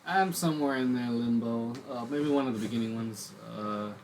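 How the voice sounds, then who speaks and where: Male podcast co-host, loose and jokey, salty language, mid-pitched, noisy recording. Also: moderate pace, a little mellow. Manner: joking, swears casually. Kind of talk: casual chat. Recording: noisy background hiss.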